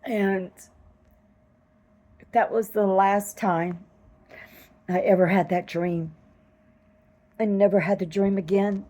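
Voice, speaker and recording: A woman earnestly retelling a vivid dream in a slow, halting way, close to tears at times. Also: medium pitch, steady tone, dark tone, poor audio. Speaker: vlogger telling a dream. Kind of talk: personal storytelling.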